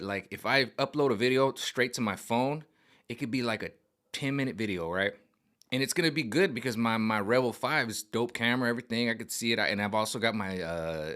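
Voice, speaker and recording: A man's voice: lowish voice, fairly bright tone. A man vlogging in a casual, rambling monologue, talking in slang, repeating himself and restarting sentences.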